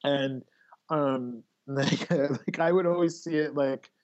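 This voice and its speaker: A man being interviewed as a guest, speaking excitedly with many fillers and acting out remembered lines. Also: mid-range voice, slow, lo-fi sound. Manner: excitable, lots of fillers, acts out quotes. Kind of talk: casual interview chat.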